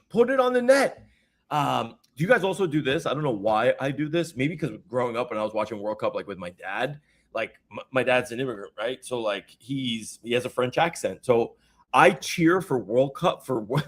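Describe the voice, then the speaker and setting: A man co-hosting a casual sports podcast chat, animated and swearing often, laughing as he talks. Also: medium pitch. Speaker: podcast co-host.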